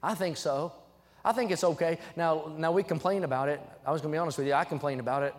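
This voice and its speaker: A young man preaching a sermon in a church, emphatic and rising to loud, fervent peaks, reading scripture aloud between his points. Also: a little high, quick pace, big-room sound. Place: church sanctuary.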